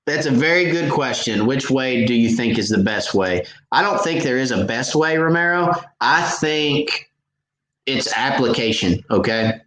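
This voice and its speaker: A man's voice: medium pitch, lively intonation, moderate pace, a bit bright, roomy sound, a little hiss or hum, poor audio. A man hosting a live fishing Q&A stream, answering viewer questions in a chatty way and laughing at his own jokes.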